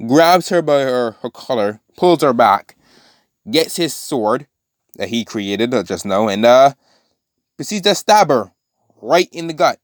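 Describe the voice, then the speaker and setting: A man's voice: mid-range voice, sing-song, a little slow, no echo, clean studio sound. A man casually retelling a fan story, rambling with many fillers and restarts.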